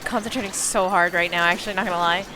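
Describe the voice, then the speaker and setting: A woman streamer chatting casually and excitably while she plays, swearing now and then. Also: fairly low pitch, fast, over music. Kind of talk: casual live gaming chat.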